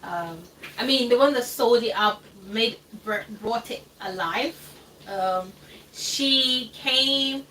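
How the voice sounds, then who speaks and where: A woman hosts a casual cooking livestream from her home kitchen, chatting in a rambling way with frequent laughs and hesitant fillers. Her voice is fairly high, bright, and forceful, and she takes it slowly. A distant mic picks up faint background noise.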